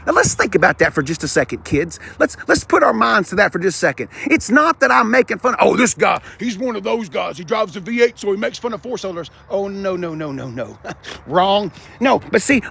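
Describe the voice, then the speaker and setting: Chatty man with a gravelly, lively voice. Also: high-pitched. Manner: animated and chatty, talks to cars and viewers. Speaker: car vlogger. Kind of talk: live-streamed dealership walkaround. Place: outdoors on a car dealership lot.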